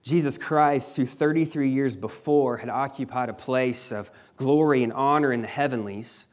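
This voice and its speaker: A man's voice: mid-range voice, moderate pace. A man preaching a sermon, retelling a scripture passage with emphatic, dramatic storytelling and the odd casual slang aside.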